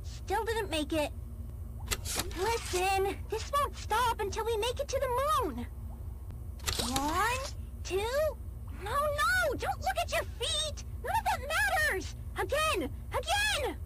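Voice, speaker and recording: Bossy cartoon rabbit, springy, heavy noise. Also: female voice, very high-pitched, sing-song, takes it slowly, full character voice. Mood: insistent. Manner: bossy, insistent. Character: pushy energetic toy rabbit. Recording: very noisy recording.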